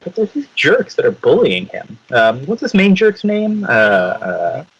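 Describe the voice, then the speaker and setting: A man's voice: mid-range voice, measured pace, breathy edge. A man co-hosting a podcast, casually summarizing a comic with jokes. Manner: joking, lively summarizer. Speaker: podcast co-host. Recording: dull lo-fi sound.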